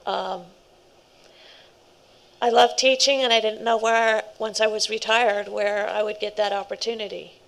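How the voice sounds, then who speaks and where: A woman's voice: medium pitch, steady tone, unhurried, gravelly, a bit bright, rough recording. A middle-aged woman, a scout leader, giving a rambling, heartfelt speech at a ceremony, with laughing asides.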